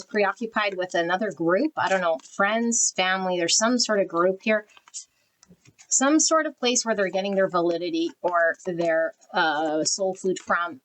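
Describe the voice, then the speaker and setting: A woman with a slightly low voice talks through a tarot spread for her viewers. She rambles, circles back and corrects herself as she goes. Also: fairly bright tone, slight background noise, rough recording. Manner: rambling, lots of fillers, self-corrections. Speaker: tarot reader. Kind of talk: casual intuitive tarot reading.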